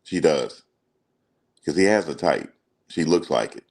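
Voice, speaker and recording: A man's voice: a bass voice, expressive, a little slow, gravelly, a little mellow, breathy edge. A man hosting casual celebrity news commentary, emphatic and slangy, repeating his points. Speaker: commentary channel host.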